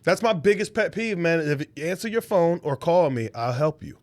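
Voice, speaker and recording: A man's voice: fairly high pitch, expressive, normal speed. A young adult man, a podcast co-host, telling a story in casual chat, swearing freely and acting out the voices of people he quotes.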